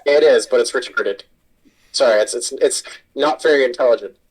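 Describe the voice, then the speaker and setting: A man's voice: medium pitch, normal speed, husky, poor audio. A man, a kitchen supervisor, telling a work story in casual chat and swearing a lot. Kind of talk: casual chat while gaming.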